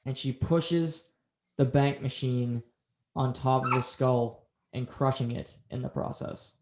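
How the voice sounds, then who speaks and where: A man co-hosting a casual recap podcast, telling the story beat by beat and slipping into the characters' lines. His voice sits at an ordinary middle pitch. The recording has a roomy echo around it. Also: takes it slowly, noisy background. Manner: animated storytelling, acts out quotes. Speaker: podcast co-host. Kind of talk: casual show recap chat.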